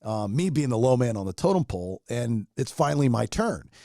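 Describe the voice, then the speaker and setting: Mellow-voiced man telling a heartfelt story. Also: mid-range voice, very animated, brisk, gravelly, no echo, clean studio sound. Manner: heartfelt, rambling, restarts, emotional. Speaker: radio personality guest. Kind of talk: casual storytelling chat.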